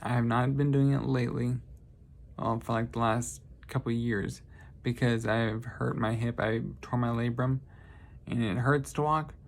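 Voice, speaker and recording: A man's voice: medium pitch, fairly even intonation, moderate pace. A man vlogging, telling casual stories in a rambling, lighthearted way and often correcting himself. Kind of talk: casual storytelling monologue.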